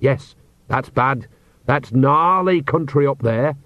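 A man's voice: medium pitch, takes it slowly, dry recording, dull audio, natural voice. A man reading aloud and voicing a cheerful, bawdy old witch woman with a blunt, teasing manner. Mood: insistent.

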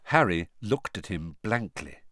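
Expressive man narrating a storybook. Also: low-pitched, unhurried, no room sound. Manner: expressive, varied delivery. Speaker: audiobook narrator.

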